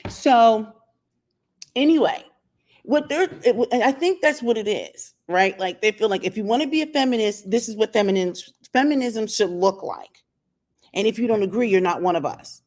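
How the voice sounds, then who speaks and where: A woman's voice: on the high side, lively intonation, normal speed, a little mellow. Opinionated woman vlogging outdoors. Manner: opinionated, talks straight to viewers with rhetorical questions. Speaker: channel host. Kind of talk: casual opinion vlog monologue. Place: outdoors in sunlight.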